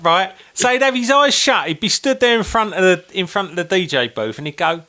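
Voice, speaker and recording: A podcast co-host with a high-sitting voice speaks a little fast, telling animated, swear-laden anecdotes in casual chat and acting out the people in them through quoted lines.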